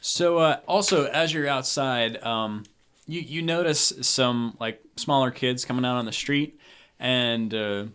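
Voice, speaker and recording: A man's voice: medium pitch, measured pace, fairly bright tone, clean tone. A young man runs a casual tabletop game, describing scenes in a loose, rambling way. He leans on fillers and restarts as he thinks aloud. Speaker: game master.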